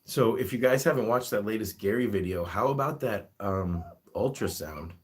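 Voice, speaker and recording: A man with a lowish voice hosts a relaxed live-stream chat at normal speed. Chatty throughout, he reads viewer comments aloud and talks to his guinea pigs.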